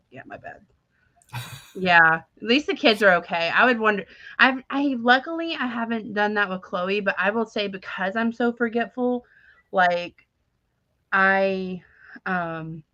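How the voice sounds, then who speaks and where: Bright, lively woman telling stories. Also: medium pitch, moderate pace, dry recording, dull audio. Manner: animated storytelling, laughs often, acts out quotes. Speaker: podcast co-host. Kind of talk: casual chat.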